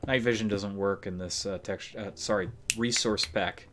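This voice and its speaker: Low-voiced man rambling through a game stream. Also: steady tone, moderate pace, a bit bright, a little hiss or hum. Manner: rambling, talks to himself, chuckles often. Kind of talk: casual live-stream commentary while building in a game.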